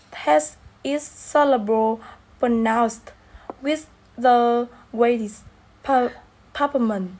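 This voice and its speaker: A young woman reading a class presentation slowly, with halting restarts. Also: fairly high pitch, a little mellow, rough recording. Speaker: student presenter.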